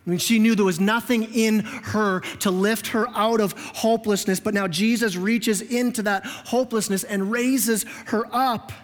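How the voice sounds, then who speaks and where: Animated male preacher, high voice, long church reverb, chatty delivery. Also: moderate pace, few pauses. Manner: animated, conversational, repeats words as he restarts. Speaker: pastor. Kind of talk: sermon. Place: church sanctuary.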